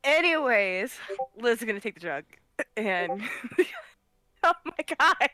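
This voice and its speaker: A woman in a casual tabletop game session, laughing often as she talks. Her pitch leaps around in lively swings, and her voice sounds close and dry. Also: slow pace, no echo. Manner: giggly, animated, laughs often. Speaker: player.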